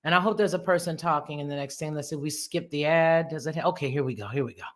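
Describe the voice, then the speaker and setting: A woman's voice: sits low, fast. A woman hosting a casual live stream, playful and laughing often as she exclaims. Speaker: host.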